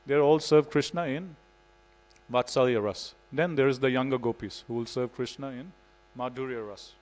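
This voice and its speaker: A man's voice: mid-range voice, fairly even intonation, normal speed, a little mellow, low-quality recording. A man giving a devotional scripture class in a temple, telling stories in a casual way with frequent "you know". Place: temple hall.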